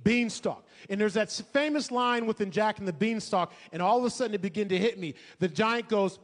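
A man's voice: high-pitched, brisk, few pauses, long reverb tail. A male pastor preaching a sermon to a congregation, emphatic and fond of rhetorical questions and repetition.

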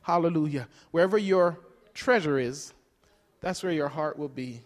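An older man with a high voice preaches a sermon, emphatic and calling out to his congregation. He swells and drops between loud and soft. His words ring out with a long reverb through a church hall. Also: moderate pace. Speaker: pastor.

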